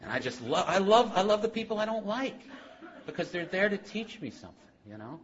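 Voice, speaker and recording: Animated man telling his story, lo-fi. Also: sits high, fairly quick, slight background noise. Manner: animated storyteller who laughs often, then softens to a hush. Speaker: speaker at a recovery meeting. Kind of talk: personal testimony talk. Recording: muffled lo-fi recording.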